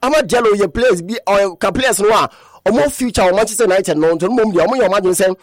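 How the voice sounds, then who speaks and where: Fast, high-voiced sports newsman. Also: no room sound, clean studio sound. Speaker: sports news presenter. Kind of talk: radio sports news bulletin.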